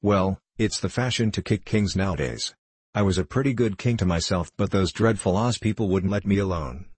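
A man's voice: sits low, normal speed, slightly rough, no room sound. A man voicing a crooked, shrewd old deposed gnome king in a storybook reading, wry and sly in manner. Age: older.

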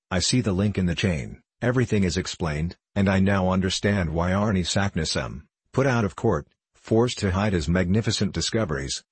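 A man reading the part of an eager, scheming elderly male professor who hides his excitement behind polite words, in a storybook reading. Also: low-pitched, husky, no room sound. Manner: excited, hiding his delight.

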